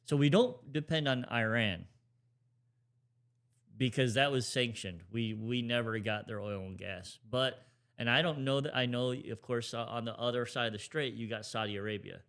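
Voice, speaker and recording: Man with a smooth, clear voice, chatting. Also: mid-range voice, moderate pace, a bit bright. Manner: rambling, many restarts and hedges. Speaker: podcast co-host. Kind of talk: casual chat about current affairs.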